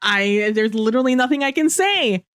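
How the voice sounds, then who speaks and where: Smooth-voiced chatty woman podcaster, dry sound. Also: on the high side, lively intonation, normal speed, fairly bright tone, no echo. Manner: chatty, many fillers, mock-quotes characters. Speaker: podcast co-host. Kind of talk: casual book-club chat.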